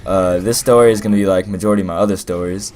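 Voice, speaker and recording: A man's voice: sits low, fairly even intonation, very fast, darkish tone. A young man telling a rambling, playful story as casual gameplay commentary, full of fillers. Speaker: gaming commentator.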